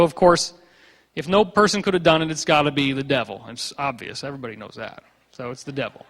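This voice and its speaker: A man's voice: fairly high pitch, a bit bright. Joking man lecturing in a reverberant hall. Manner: joking, sarcastic storyteller who acts out quotes. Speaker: conference speaker. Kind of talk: humorous lecture with slides. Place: conference hall.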